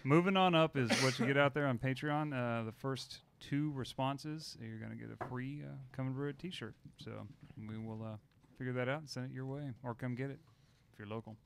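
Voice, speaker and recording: A man's voice: medium pitch, a little fast, gravelly, noisy background. A man co-hosting a casual podcast from a brewing shop, chuckling and explaining at length. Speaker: podcast co-host. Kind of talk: casual chat. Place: brewing supply shop studio.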